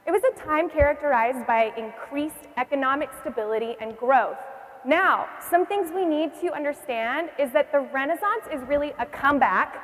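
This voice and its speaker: A woman's voice: high-pitched, moderate pace, fairly bright tone. A young woman teaching a church history class who asks her listeners questions and repeats their answers. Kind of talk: classroom lecture. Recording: long reverb in a hall.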